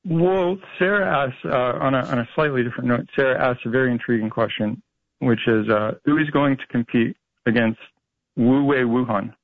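A man's voice: medium pitch, normal speed, no room sound. A male caller from Florida, joking and hesitant with many fillers, on a call-in radio show. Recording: tinny phone line.

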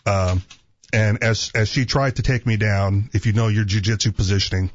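A man co-hosting a casual talk show tells stories bluntly and with jokes, in a low, husky voice. The recording is dry and a bit muffled. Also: steady tone, normal speed, no room sound. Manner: blunt, joking storyteller. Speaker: co-host.

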